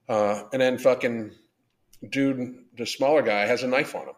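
A man's voice: medium pitch, steady tone, normal speed. A man hosting a live podcast, ranting bluntly and swearing a lot while reading out viewer comments. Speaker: podcast host. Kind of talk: live-stream rant reading chat.

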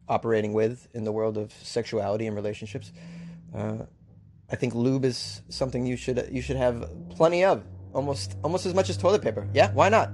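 Male show host, casual comedic riffing, rambling, laughs at his own jokes, mid-pitched voice. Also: a little mellow, slight background noise. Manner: joking, rambling, laughs at own jokes, stumbles over names.

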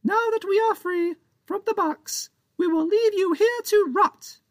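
Tiny pirate captain, very high squeaky shouting, accusing, dry sound. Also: male voice, unhurried, no room sound. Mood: angry shouting. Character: tiny shrill male pirate captain, distrustful.

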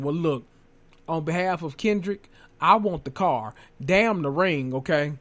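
A man hosting a podcast, giving a casual, sassy recap of a reality show, cussing freely and swinging from low murmurs to loud exclamations. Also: a little slow.

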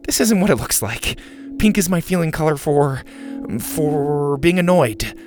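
A man's voice: lowish voice, sing-song, moderate pace, soft background music. A man voicing a shy, flustered alien schoolgirl who stammers in front of her crush.

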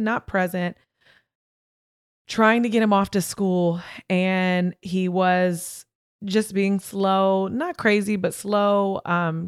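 A woman's voice: lowish voice, clean tone, no room sound, clean studio sound. A young woman hosting a podcast, frankly and emphatically telling a personal story straight to her listeners. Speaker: podcast host. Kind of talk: candid personal storytelling monologue.

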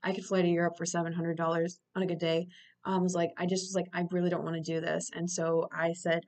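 A woman's voice: lowish voice, flat delivery, quick pace, darkish tone. A woman in her thirties hosting a podcast, telling her own story in a candid, earnest, conversational way. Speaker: podcast host and coach.

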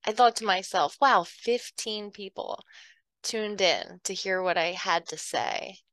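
A woman's voice: mid-range voice, a little slow, a bit bright, no room sound. A woman hosting her own podcast, talking earnestly and emotionally to her listeners and laughing often. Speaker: podcast host. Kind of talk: heartfelt talk to listeners.

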